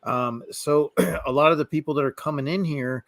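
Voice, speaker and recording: A man hosting a casual livestream interview, talking in a rambling way with many fillers and throat clears. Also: a little high, fairly even intonation, moderate pace, a bit bright, dry recording, low-quality recording. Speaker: show host.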